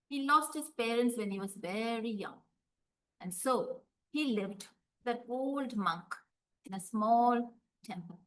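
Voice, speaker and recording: A woman from India, telling a folktale expressively with drawn-out words and dramatic pauses. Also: fairly high pitch, a bit bright, poor audio. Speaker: storyteller. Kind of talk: folktale storytelling.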